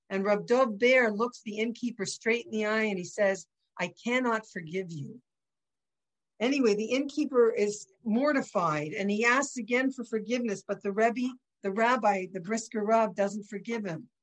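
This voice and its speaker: A woman giving a religious lesson, telling a story in an animated way with some restarts. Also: on the high side. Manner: animated storytelling with restarts, softening toward the close. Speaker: religious teacher.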